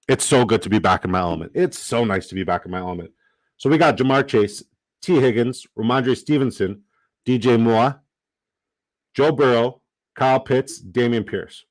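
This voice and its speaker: Young male streamer, excitable and profane, chatty asides, dry recording. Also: lowish voice, no echo. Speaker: livestream host. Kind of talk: casual livestream chat.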